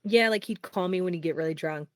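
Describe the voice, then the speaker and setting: A young woman, a singer-songwriter, talking candidly in a casual interview, peppering her speech with "like" and quick laughs. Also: lowish voice, dry recording, clean studio sound. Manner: frequent "like" fillers, quick laughs.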